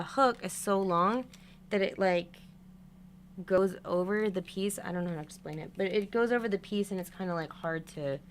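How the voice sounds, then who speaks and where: Restringing a doll live, a young hobby vlogger chats casually, walking through every step and sometimes bursting out in frustration. Her voice is medium in pitch, with slight noise in the background.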